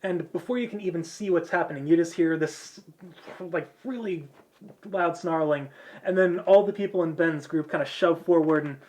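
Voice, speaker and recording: A man narrating as game master, in a relaxed, rambling way with many fillers. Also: a little high, normal speed.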